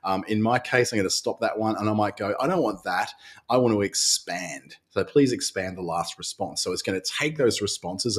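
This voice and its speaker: A man's voice: low voice, husky. A man hosting a casual live webinar, walking viewers through a screen-share demo in a chatty, friendly way and often restarting his sentences. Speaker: webinar host.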